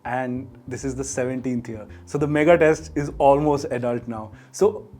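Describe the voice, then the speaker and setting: A man's voice: medium pitch, moderate pace, darkish tone. A man presenting a discussion, upbeat and chatty, asking questions of the panel. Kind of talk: casual discussion.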